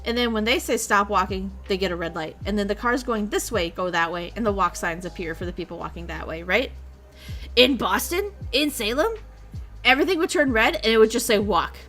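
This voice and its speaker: A young woman streamer chats and rambles in an easygoing way, cursing freely as she goes. Her voice sits at an ordinary middle pitch. Quiet music plays faintly behind her. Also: fairly quick. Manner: rambling, chatty, swears freely. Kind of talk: casual chat.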